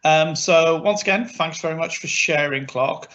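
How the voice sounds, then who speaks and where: A man moderating the audience questions. He is polite and brisk, with a few hesitant ums. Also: on the high side, a bit bright, lo-fi sound.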